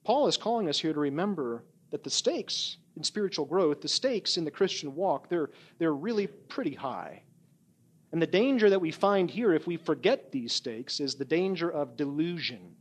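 A man preaching a sermon as pastor, telling a story with animated emphasis and frequent "right?" asides. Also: on the high side. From not from California.

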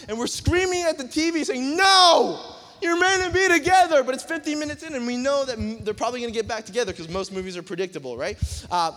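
A young man preaches to a youth crowd in a lively, joking way, breaking into acted-out scenes and sudden shouts. His voice sits high for a man. It echoes with a long reverb through a large hall. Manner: animated, joking, acts out movie scenes with shouts. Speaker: youth pastor.

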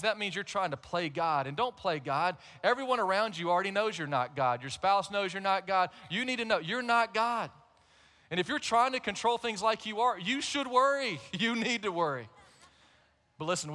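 Bright high-voiced male pastor preaching. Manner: conversational storytelling, warm humor. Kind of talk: sermon. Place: large church.

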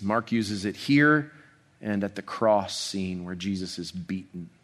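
A man preaching an expository sermon in a conversational way, full of restarts, dropping soft and slow on tender passages. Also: fairly low pitch. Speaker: pastor.

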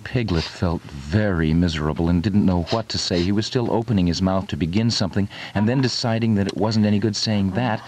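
A man narrating a children's story aloud in a radio comedy show, with expressive storytelling. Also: sits low, fairly quick, hardly any pauses, a little hiss or hum. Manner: expressive storytelling, hushed in sad parts.

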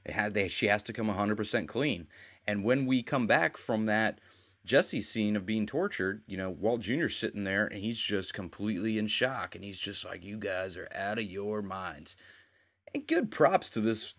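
A man's voice: fairly low pitch, expressive, normal speed, a bit bright. A man co-hosting a casual chat, rambling as he retells scenes and quotes the characters. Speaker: podcast co-host.

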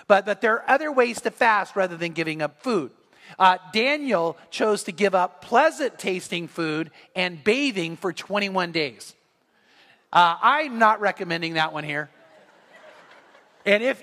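A man preaching a sermon as pastor, animated and acting out the voices he quotes. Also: sits high, in a large hall.

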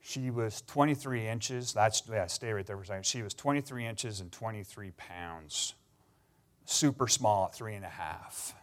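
This middle-aged pastor from Canada has a voice on the low side and preaches at a moderate pace. He recounts personal stories in his sermon, earnest and sometimes emotional.

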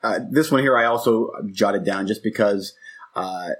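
A man's voice: lowish voice, normal speed. A man in his forties co-hosting a podcast, talking in a rambling, reflective way that keeps breaking off and restarting. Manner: rambling, reflective, self-interrupting. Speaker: podcast co-host. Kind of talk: casual chat.

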